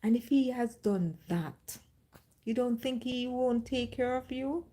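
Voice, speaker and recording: Slow-speaking woman giving testimony. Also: a little high, steady tone, warm tone. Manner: slow storytelling, dramatic re-enactments. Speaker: livestream host. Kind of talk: faith testimony on a livestream.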